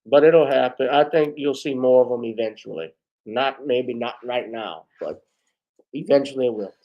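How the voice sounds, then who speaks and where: A man's voice: mid-range voice, moderate pace, lo-fi sound. A man hosting a casual solo talk show, chatting in a rambling way with many asides while losing his voice. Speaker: host.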